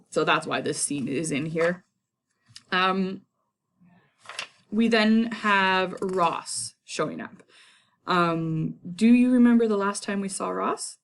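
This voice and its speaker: Chatty woman teacher, lowish voice. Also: measured pace, vocal fry. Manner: chatty, many fillers and casual asides. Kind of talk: casual lesson summarizing a play.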